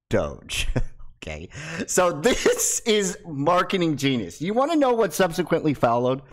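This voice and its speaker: A man hosting a casual crypto video, excitable and swearing, his voice jumping high and loud when he gets hyped. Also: moderate pace. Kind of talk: casual talk to camera.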